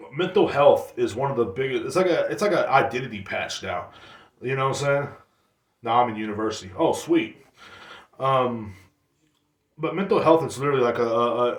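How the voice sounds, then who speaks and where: A man's voice: medium pitch, a bit bright, reverberant, far from the mic. A man hosting a podcast alone, rambling casually with blunt profanity and slang. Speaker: podcast host. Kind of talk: casual solo rant.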